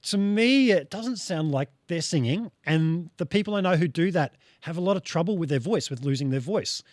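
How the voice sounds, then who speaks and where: A male podcast host talks casually with a guest, his voice a little high. He explains his ideas and acts out vocal sounds to show what he means. The sound is close and dry. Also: lively intonation, fairly quick, a little mellow, no echo.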